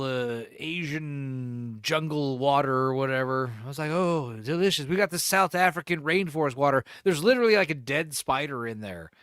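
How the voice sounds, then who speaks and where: A man's voice: medium pitch, a bit bright, no room sound. Man, podcast co-host, casual rambling chat, lots of swearing, dry close sound. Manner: rambling, profane, jokey, acts out quotes.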